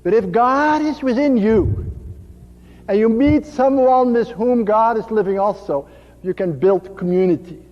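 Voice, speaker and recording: A man preaching a sermon slowly and gently, his voice dropping to a soft hush on tender phrases. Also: sits high. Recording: dull lo-fi recording in a reverberant hall.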